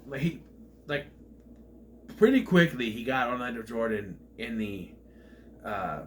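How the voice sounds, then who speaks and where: A young man casually recapping and reviewing an old wrestling event, rambling and bursting into loud acted-out quotes. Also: medium pitch, expressive, unhurried, slight background noise.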